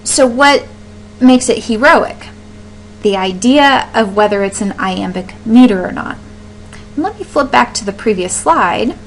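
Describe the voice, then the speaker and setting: A woman's voice: a little high, lively intonation, measured pace, slight background noise, rough recording. A woman teaching a recorded lecture over slides, explaining step by step, often asking a question and then answering it herself, with frequent ums and restarts.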